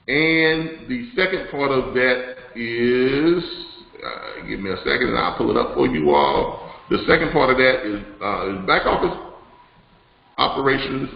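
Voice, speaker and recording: Guy running a live stream, rambly, lots of ums, voice kinda echoey and muffled. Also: mid-range voice. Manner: rambling, chatty, many fillers and restarts. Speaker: host of a live business broadcast. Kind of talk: live-stream teaching and announcements. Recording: roomy, slightly dull sound.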